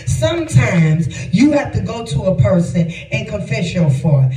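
A man giving a sermon in a lively, conversational preaching manner, joking and laughing with the congregation. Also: high-pitched, normal speed, hardly any pauses. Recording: echoey room, voice from far off.

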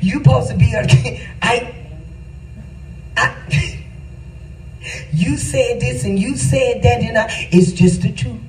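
A woman's voice: fairly high pitch, slow pace, long pauses, a little mellow, reverberant, distant mic, slight background noise, rough recording. A woman pastor giving a casual spiritual testimony with an emphatic, repetitive, preacherly cadence.

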